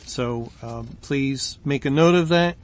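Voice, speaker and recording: A man teaching a Bible study, reading scripture and explaining it slowly with frequent pauses and fillers. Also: medium pitch. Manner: slow and deliberate, with frequent ums and pauses.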